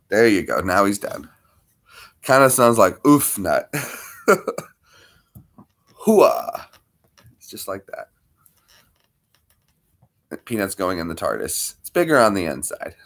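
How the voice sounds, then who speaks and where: A man's voice: low voice, big pitch swings, takes it slowly, long pauses, a bit bright. A man hosting a casual livestream, greeting viewers by name and talking to his dog between topics. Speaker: livestream host.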